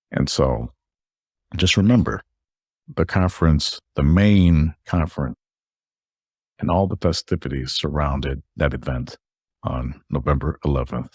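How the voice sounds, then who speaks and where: A man's voice: very deep voice, darkish tone, dry recording, clean studio sound. A man hosting a podcast, telling a personal story in a rambling way with frequent restarts. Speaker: podcast host.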